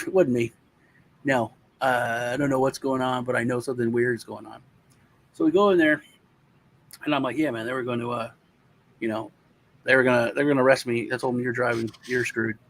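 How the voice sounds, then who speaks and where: A male co-host at medium pitch relays an extended personal story in an easygoing way, with slight background noise. He swears occasionally and animatedly impersonates the story's characters.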